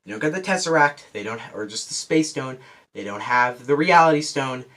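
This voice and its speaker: Male vlogger, mid-pitched, winded, rambling casual spoiler review. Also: lively intonation, a little fast, fairly bright tone. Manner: rambling, loses track and restarts. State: out of breath. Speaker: film reviewer.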